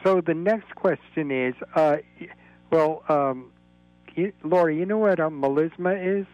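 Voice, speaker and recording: A man's voice: a little high, measured pace, no echo, highs cut off. A man calling in to a radio talk show from Florida, explaining at length in a rambling, lecturing way. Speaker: caller. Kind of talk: call-in radio chat.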